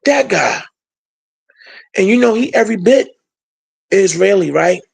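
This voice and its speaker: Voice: medium pitch, normal speed, vocal fry, darkish tone, breathy edge. A political commentator giving an emphatic, colloquial and sarcastic opinion monologue.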